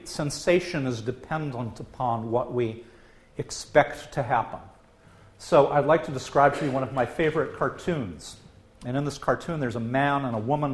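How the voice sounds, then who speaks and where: A man giving a public science lecture as a professor, talking in an animated way with frequent filler "uh". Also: mid-range voice. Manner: lively, animated delivery, acts out quoted voices.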